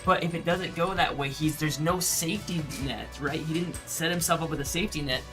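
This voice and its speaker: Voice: mid-range voice, a little fast. A co-commentator talking through a live air hockey match. The speech is loose and rambling, full of fillers, over faint background music. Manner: rambling, casual, many fillers.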